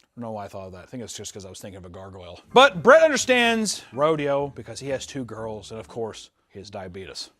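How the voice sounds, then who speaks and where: A man's voice: on the low side, sing-song, fast, fairly bright tone. A man hosting a podcast, giving loose, profane commentary on a reality show and laughing often. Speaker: podcast host.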